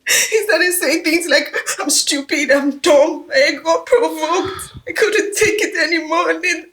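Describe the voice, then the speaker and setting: A woman's voice: extremely high pitch, measured pace, fairly bright tone. An actress with a Nigerian accent playing a young woman who cries and pleads, full of remorse after slapping her fiancé. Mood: sobbing. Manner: pleading, sobbing, repeating herself. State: crying. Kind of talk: film drama acting.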